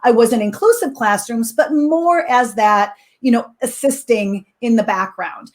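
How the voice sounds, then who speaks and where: Animated high-voiced woman telling a story. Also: a little slow. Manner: lively, animated anecdote with fillers and laughs. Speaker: co-teaching expert guest. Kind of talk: casual storytelling in a webinar talk.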